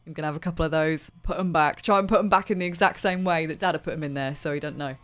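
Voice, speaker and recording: A woman's voice: sits low, rapid-fire. A woman playing a tabletop game, chatting casually with lots of fillers as she decides what to do. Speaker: player.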